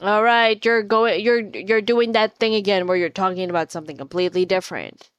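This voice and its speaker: A woman's voice: mid-range voice, fairly quick, a bit bright, dull audio. A woman hosting a casual chat stream, teasing her guest, swearing casually and laughing often. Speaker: livestream host.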